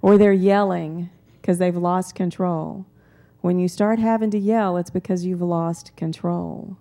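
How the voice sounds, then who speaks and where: A woman preaching a sermon in a calm, conversational way, weaving in personal stories. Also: fairly low pitch, unhurried.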